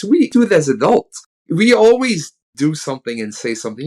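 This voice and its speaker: A man in his thirties, a guest speaker on a podcast, telling a lively story, chuckling often and checking in with "right?". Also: medium pitch, brisk. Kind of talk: casual podcast talk.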